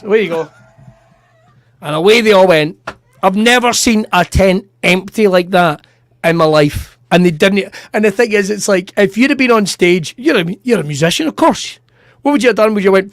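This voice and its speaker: High-voiced man telling stories. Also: a little fast, no echo, studio quality. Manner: animated, swearing, laughs through his stories. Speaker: comedian podcast host. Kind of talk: casual storytelling chat.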